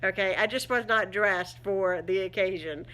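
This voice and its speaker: A woman's voice: mid-range voice, normal speed, sharp tone. A woman chatting casually in a home vlog, rambling with many fillers and frequent laughs. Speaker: vlogger. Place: at home indoors.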